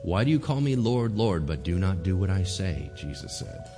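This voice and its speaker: Pastor guy preaching, low voice that swings all over, acts out the characters. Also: normal speed, faint music behind. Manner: animated, acts out voices, rhetorical questions. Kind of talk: sermon.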